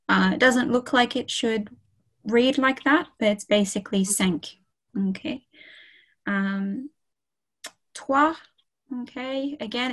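A woman's voice: on the high side, a bit bright, low-quality recording. A young woman tutoring a beginners' French class online, chatty and encouraging, with frequent fillers. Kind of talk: online language lesson.

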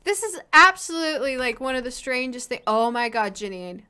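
A woman's voice: high-pitched, big pitch swings, fairly quick, sharp tone, smooth. A woman hosting a casual let's play, commenting in a profane, exasperated, self-mocking way.

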